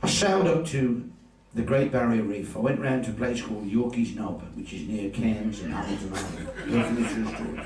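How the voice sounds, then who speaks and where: A man's voice: fairly low pitch, brisk, a crowd in the background. An older man with an English Midlands accent performing a live stand-up routine as a chatty storyteller who teases the audience. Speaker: stand-up comedian. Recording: roomy venue from far off, audience laughter.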